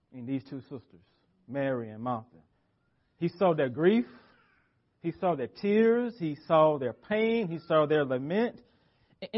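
A man preaching a sermon as pastor, emphatic and repetitive, swinging from loud declarations to near-whispers. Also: on the high side, muffled recording.

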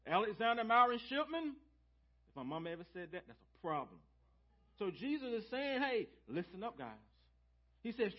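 A man with a voice that sits high preaches to his church in the sanctuary, using call-and-response and repeating key phrases for emphasis as he calls out to the congregation. The recording is muffled.

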